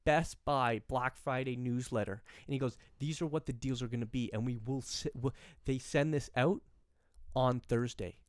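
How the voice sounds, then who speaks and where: A man's voice: medium pitch, moderate pace, clean tone, no echo, studio quality. A young man co-hosting a podcast, telling a rambling story in casual chat and acting out the people in it. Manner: rambling, restarts, acts out quoted people. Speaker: podcast co-host.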